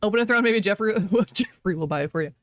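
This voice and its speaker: A woman's voice: mid-range voice, animated, quick pace. A woman streamer chatting casually with her viewers, rambling, laughing often and breaking off mid-sentence.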